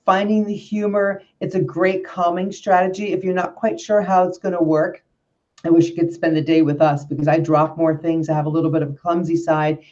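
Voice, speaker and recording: A woman's voice: lowish voice, little pitch movement, brisk, a little mellow. Upbeat lady host, kinda muffled lo-fi sound, encouraging. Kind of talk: interview hosting. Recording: slightly dull lo-fi audio.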